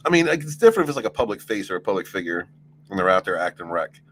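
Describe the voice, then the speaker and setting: Deep-voiced man, rambling and profane. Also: very animated, rapid-fire, a bit bright, a little hiss or hum. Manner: rambling, profane, laughs often. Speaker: streamer. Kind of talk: casual late-night stream chat.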